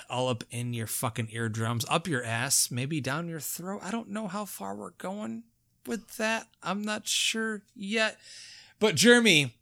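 A man hosting a podcast in casual chat, excitable, jokey and full of swearing. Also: sits high, unhurried, vocal fry. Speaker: podcast host.

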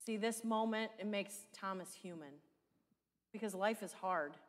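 A woman's voice: mid-range voice, measured pace. A woman pastor with a Midwestern American accent, preaching a sermon in a conversational style full of rhetorical questions. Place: church sanctuary. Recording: long church reverb.

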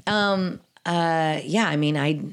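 A woman's voice: deep voice, slow pace, smooth. A woman in a casual book discussion, thinking aloud with lots of fillers and restarts. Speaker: book club participant.

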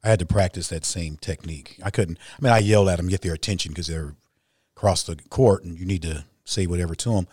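A man, a guest pastor on a podcast, speaking in a calm, agreeable, low-key way. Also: quick pace, husky, dry recording, studio quality. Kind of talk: casual podcast conversation.

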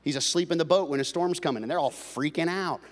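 A middle-aged male pastor preaching a sermon in an animated way, cracking jokes, swinging from loud bursts to quiet asides. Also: a little high, fast talker, big-room sound.

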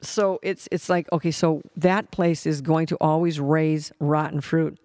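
A man teaching a Bible passage in a relaxed, halting way, often stopping to restart and reach for the next word. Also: on the high side, no room sound. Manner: halting, with many restarts and fillers.

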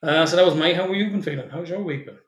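A man's voice: on the high side, very fast, reverberant. A man hosting a podcast in casual chat, joking and swearing freely and laughing often. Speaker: podcast host.

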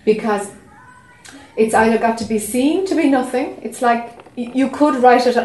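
A woman's voice: a little high, moderate pace, roomy sound, low-quality recording. A woman teaching at a spiritual retreat, listening closely and answering in a reflective, affirming way. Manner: attentive, steady affirming, reflective. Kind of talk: teaching dialogue.

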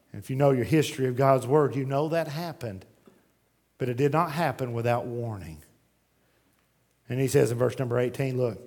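A man preaching a sermon, swinging from shouted pleas to hushed intensity and reading scripture aloud in old-fashioned phrasing. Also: mid-range voice. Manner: reads scripture aloud in King James phrasing.

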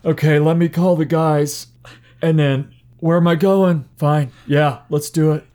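A man's voice: a little high, steady tone, unhurried, warm tone, natural voice. A man voicing a flustered young woman runner who hesitates and keeps asking questions.

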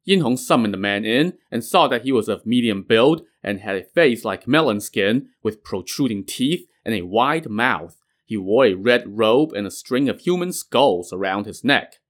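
A man's voice: on the low side, expressive, moderate pace, hardly any pauses. Male storyteller reading a classic tale. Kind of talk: narrating a classic novel.

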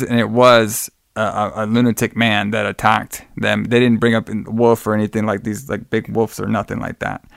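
Creaky and mid-range with a fairly bright tone, this American man's voice comes through in clean studio quality with no room sound. He's a podcast co-host going over a movie in casual chat, blunt, cursing, joking, and calling people "brother" often.

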